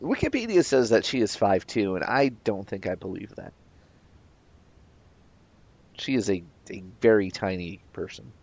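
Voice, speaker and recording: A man's voice: fairly low pitch, animated, moderate pace, creaky, pauses often, a little mellow. A man co-hosting a casual podcast, rambling hesitantly with lots of fillers. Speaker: podcast co-host. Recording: dull, dry lo-fi audio.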